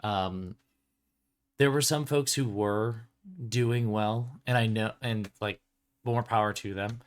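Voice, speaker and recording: A man who publishes tabletop games hosts a casual livestream, speaking slowly in a lowish voice. He rambles, filling gaps with "um" and "like" and chuckling between thoughts.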